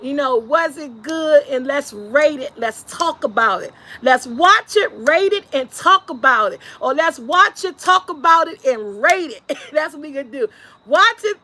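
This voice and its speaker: Woman, live-stream host, lively chat, bright voice. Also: sits high, unhurried. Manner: lively, laughs often, talks to chat. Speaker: vlog host.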